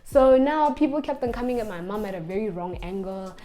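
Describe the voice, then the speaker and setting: A young woman, telling a casual storytime vlog in an animated way. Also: medium pitch, fairly quick. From Botswana. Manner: animated storyteller, acts out the people she quotes. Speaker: vlogger.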